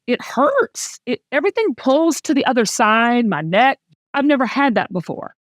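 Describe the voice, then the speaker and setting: A woman's voice: sits high, very animated, normal speed, no room sound, clean studio sound. A middle-aged Southern woman hosting a candid, casual talk, speaking with heartfelt emotion and frequent restarts. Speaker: host.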